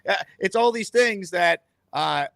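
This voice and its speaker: A man's voice: sits high, expressive, gravelly, fairly bright tone, clean tone, no room sound. Upbeat man hosting a sports talk show. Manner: upbeat, quick, conversational. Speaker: sports radio host.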